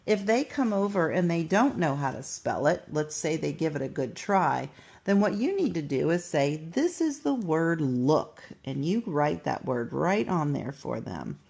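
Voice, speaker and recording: A woman teacher patiently walking through a writing lesson step by step, sounding words out slowly. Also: deep voice, expressive, vocal fry, a little mellow, husky. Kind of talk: instructional walkthrough.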